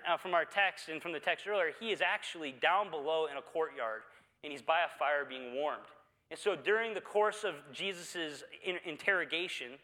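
A man preaching a Sunday sermon as pastor, talking conversationally and often pausing on "uh" and "um.". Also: fairly high pitch, sharp tone, in a large hall. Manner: conversational preaching with frequent "uh" fillers.

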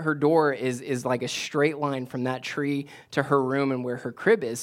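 A man preaching a sermon as a pastor. He repeats key phrases for emphasis, restarts his sentences, and grows louder and higher when he presses a point.

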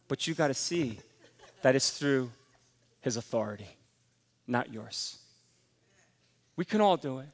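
A man preaching a sermon as pastor, emphatic and rising to forceful exhortation. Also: mid-range voice, animated, a little slow, long pauses, in a large hall.

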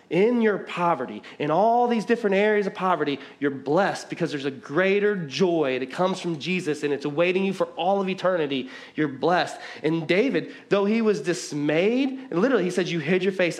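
A middle-aged man from the American Midwest preaching a sermon in a church hall, fast and conversational, often repeating his words as he talks. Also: on the high side. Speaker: pastor.

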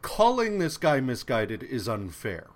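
A man's voice: mid-range voice, huge pitch swings, a little slow. A man co-hosting a casual podcast, ranting with exasperation and swearing freely. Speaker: podcast co-host. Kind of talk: casual chat.

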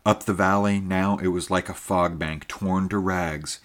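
A man narrating a story in a measured, steady reading. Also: sits low. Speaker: audiobook narrator. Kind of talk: scripted narration.

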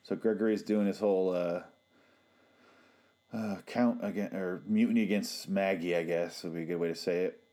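A man's voice: low voice, fairly even intonation, moderate pace, warm tone. A man giving casual, sarcastic and profane watch-along commentary on a TV show.

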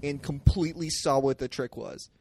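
A man co-hosting a casual film discussion, halting, with frequent "like" and "um". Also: mid-range voice, fairly even intonation, darkish tone, a little hiss or hum. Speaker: podcast co-host.

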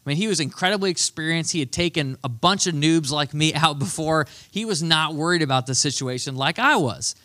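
A male pastor telling a story in a sermon, animated and self-deprecating. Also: fairly high pitch, a little fast, few pauses.

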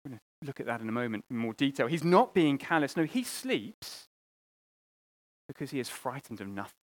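A man preaching a sermon, earnest, often repeating words and swinging between loud appeals and quiet, hushed lines. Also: mid-range voice, sing-song, fairly quick.

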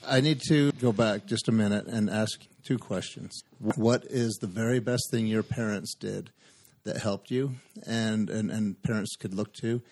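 A man hosting an interview, asking his guest careful, searching questions. His voice sits a little low. He speaks calmly. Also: unhurried.

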